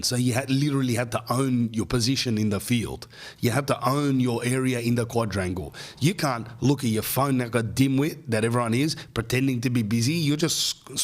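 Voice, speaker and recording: Australian man telling rambling stories. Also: medium pitch. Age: 30s. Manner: casual and slangy, peppered with "bro" and "man". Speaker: podcast host. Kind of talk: rambling comic storytelling.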